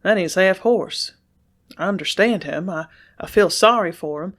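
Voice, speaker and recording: A woman voicing an earnest young male horse rider in an audiobook, with a rough-spoken, pleading manner. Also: on the low side, moderate pace, close to an everyday voice. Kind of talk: audiobook character reading.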